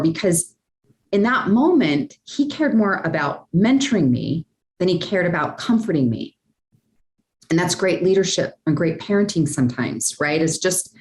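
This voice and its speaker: A woman guest in a podcast interview, telling a personal story in a lively, chatty way, often tossing in "like" and "right?". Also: fairly low pitch, reverberant. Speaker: guest, speaker and sales coach.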